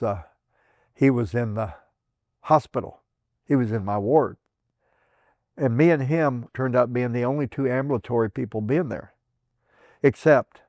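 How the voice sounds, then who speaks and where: A man's voice: no echo, clean studio sound. An older man from southern Indiana, a veteran telling his memories in an oral history interview, rambling with restarts and chuckles. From southern Indiana, USA. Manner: acts out quoted voices with raised pitch.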